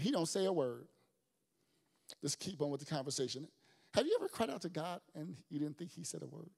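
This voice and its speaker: A male pastor preaching a sermon with big swings, from shouted lines down to quiet, near-whispered ones. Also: a little high, sing-song, normal speed, in a large hall.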